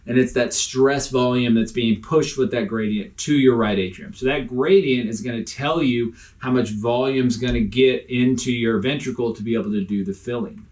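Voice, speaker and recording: A man's voice: mid-range voice, darkish tone. A man explaining critical care medicine in a recorded lecture over slides, casual and explanatory, with frequent fillers.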